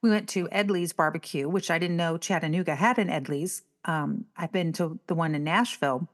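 A middle-aged woman, chatting as a podcast co-host and telling animated stories. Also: fairly quick. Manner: animated storyteller, acts out quotes in a higher voice. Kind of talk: casual chat.

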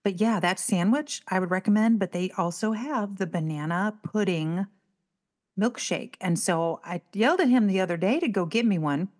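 Woman, middle-aged, animated storyteller, casual podcast co-host. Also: moderate pace. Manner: animated storyteller, acts out quotes in a higher voice. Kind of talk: casual chat.

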